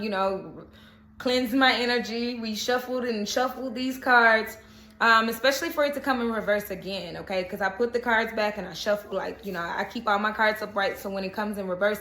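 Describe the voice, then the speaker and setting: A woman's voice: a little high, pushed and bright. A woman giving a casual spoken tarot reading, chatty and reassuring, often checking in with "okay?". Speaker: tarot reader. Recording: echoey room.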